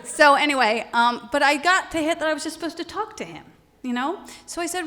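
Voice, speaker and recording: A woman giving a lively, conversational sermon, telling personal stories and often laughing as she quotes people. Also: high voice, fairly quick, big-room sound.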